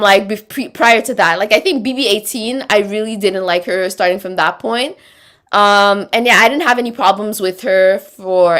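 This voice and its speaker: A woman's voice: mid-range voice, a bit bright. Chatty woman rambling through viewer comments. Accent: Quebec French. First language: French. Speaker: livestream host reading chat. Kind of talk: casual livestream chat.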